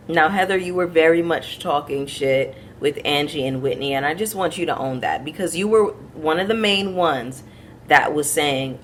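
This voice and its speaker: A woman's voice: sits low, normal speed, slight background noise. A woman chatting casually to her viewers as she recaps a reality TV episode, opinionated and talking straight to her audience.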